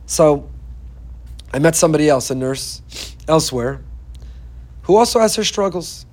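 A man with a fairly high voice delivering an inspirational Torah talk. He speaks earnestly and with emphasis, circling back to repeat key phrases as he tells a story. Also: lively intonation, normal speed, a little mellow. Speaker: Torah teacher.

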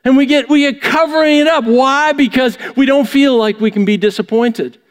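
A man's voice: very high-pitched, normal speed, in a large hall. A man preaching a sermon in a church, pressing his points with rhetorical questions. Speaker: pastor. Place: church sanctuary.

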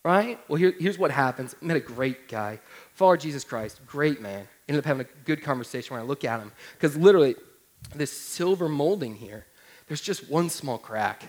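A man's voice: a little high, animated, fairly quick. A man in his thirties, a pastor preaching a sermon through a humorous personal story, talking to the listeners directly in a conversational way.

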